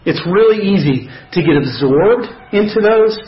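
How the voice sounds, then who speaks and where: A man's voice: sits high, lively intonation, a little slow. A man with a Southern American accent preaching a sermon to his congregation, conversational and self-deprecating, often asking the room questions. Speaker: pastor. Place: church sanctuary. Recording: echoey, slightly dull church recording.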